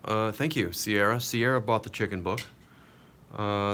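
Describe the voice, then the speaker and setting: A man with a lowish voice chats casually to his stream viewers while he draws at his desk. His talk rambles and he mutters self-mocking remarks as he works. A faint low rumble sits under the recording. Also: a little slow, fairly bright tone. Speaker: comic artist streaming live drawing. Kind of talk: casual live-stream chat. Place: seated at a drawing desk.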